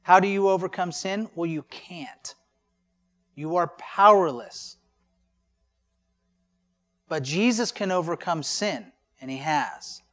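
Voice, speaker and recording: A man's voice: sits high, slow, pauses often, a bit bright, faint music behind. A man preaching a sermon in a conversational way, with rhetorical questions and joking asides. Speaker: pastor.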